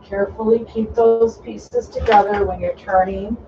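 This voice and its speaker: An easygoing host talks through a sewing project step by step, calm and practical while cutting fabric. The voice sits at an ordinary middle pitch and is picked up from a distance. The sound is dull and lo-fi, with a faint hum of room ambience behind it. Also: moderate pace. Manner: relaxed, instructive, talking while cutting fabric. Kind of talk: casual step-by-step sewing tutorial.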